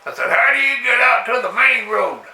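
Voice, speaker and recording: A man telling a rambling comic story in a folksy way, breaking into loud exclamations. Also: animated, moderate pace, gravelly. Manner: folksy drawl with loud high-pitched exclamations. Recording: echoey room, distant mic.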